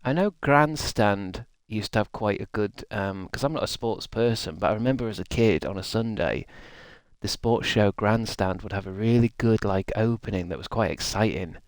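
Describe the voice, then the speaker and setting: Chatty streamer, low voice. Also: male voice, moderate pace, no room sound. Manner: rambling, chatty, reads and answers chat. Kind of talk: casual live-stream chat.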